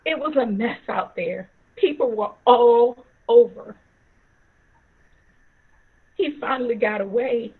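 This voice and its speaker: A woman puts on a father torn between rage and grief, shouting with a catch of tears in his throat. The voice is husky and higher than a man's usual, and the sound is thin and tinny, like a phone line. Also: takes it slowly, pauses often. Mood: anguished. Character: grieving furious father, man in his prime.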